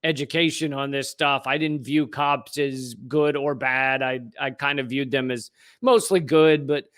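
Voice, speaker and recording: A man's voice: medium pitch, steady tone, unhurried, a bit bright. A man co-hosting a comedic podcast, telling stories casually with frequent restarts and swearing. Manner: storytelling with frequent restarts, swears, laughs easily. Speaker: podcast co-host.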